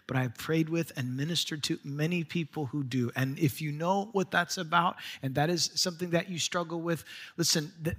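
A middle-aged male pastor delivers a sermon in a high, bright voice. He is earnest and urging, drawing out scripture slowly and lifting his pitch as he presses a point home. The delivery sounds like a live church message. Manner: earnest preaching, slows for scripture, rises in pitch when urging.

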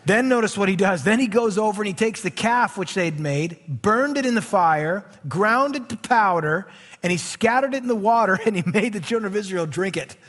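A man preaching a sermon, reading scripture aloud and breaking into animated, chatty asides. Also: sits high. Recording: reverberant hall.

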